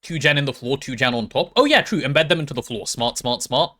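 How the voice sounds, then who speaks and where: A man streaming a game, chatting casually with his chat and thinking out loud as he plays. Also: medium pitch, fairly quick. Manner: chatty, thinks aloud while playing and answers chat.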